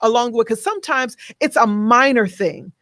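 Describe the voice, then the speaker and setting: A woman's voice: fairly high pitch, normal speed, fairly bright tone, no echo, clean studio sound. A woman hosting a business interview, asking questions and backing her guest with short affirmations. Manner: encouraging, many short affirming "mm-hmm"s. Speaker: host.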